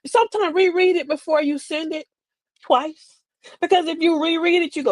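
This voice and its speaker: A woman's voice: extremely high pitch, fairly even intonation, normal speed, dry recording. An older woman hosting a casual comedic chat, sassy and preachy, laughing through her asides. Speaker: host. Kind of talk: casual comedic storytelling to an online audience.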